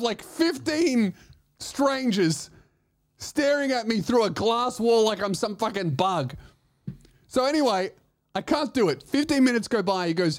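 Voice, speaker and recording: A man telling a comedic story on his podcast, animated and swearing, acting out the other voices. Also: very high-pitched, dry recording, studio quality.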